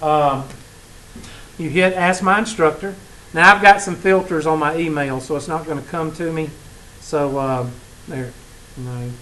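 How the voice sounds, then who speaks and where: In an echoey classroom with faint ambience and slight background noise, a Southern math instructor with a fairly high, fairly bright voice teaches college students. His lecture is folksy and full of storytelling, jokes, and teasing.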